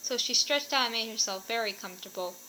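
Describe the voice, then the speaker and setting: A woman reading a children's story aloud in an animated, expressive way. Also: on the high side, fast, slight background noise, rough recording.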